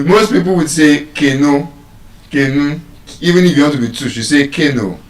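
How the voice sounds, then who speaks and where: A man with a Nigerian accent giving a live talk on pronunciation to an audience, playful and teasing, repeating words slowly to drill them. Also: a little high. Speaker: public speaker teaching pronunciation. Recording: echoey hall, voice from far off.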